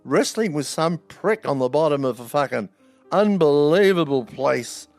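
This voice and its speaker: A man's voice: fairly high pitch, expressive, a little slow, a little mellow, faint music behind. A man, a former prison officer telling stories bluntly, swearing freely, with wry humor. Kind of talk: anecdotal storytelling.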